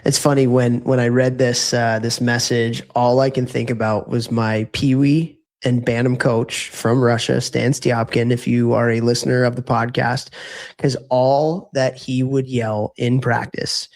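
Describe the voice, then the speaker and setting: A man's voice: mid-range voice, level tone, measured pace, darkish tone. A man co-hosting a podcast, chatting casually about hockey tactics and correcting himself often as he explains. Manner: rambling, self-correcting, explanatory. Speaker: podcast co-host.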